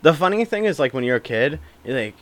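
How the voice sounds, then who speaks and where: A man's voice: a little high, big pitch swings, quick pace, noisy background. A young man telling a story in casual chat on a podcast, often breaking into laughter. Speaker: podcast co-host.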